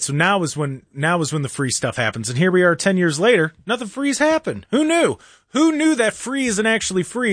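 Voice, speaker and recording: Man in his thirties, radio talk host, opinionated and sarcastic, a bit high-pitched, dry studio sound. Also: a bit bright, dry recording. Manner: rambling, sarcastic, mock-earnest asides. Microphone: studio microphone.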